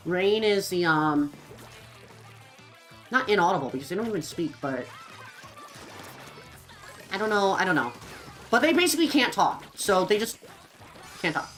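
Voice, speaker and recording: A woman's voice: fairly low pitch, poor audio. A young woman streaming a game and chatting casually with viewers in a rambling style, full of fillers. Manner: rambling, filler-heavy, lively.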